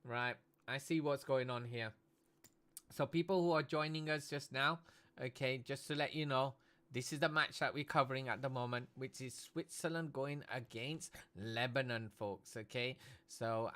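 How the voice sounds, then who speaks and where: A man's voice: mid-range voice, steady tone, moderate pace, fairly bright tone, clear, resonant tone. A man from Britain hosting a casual live stream, chatty and tagging "okay?" onto nearly every phrase. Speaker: livestream host and esports commentator.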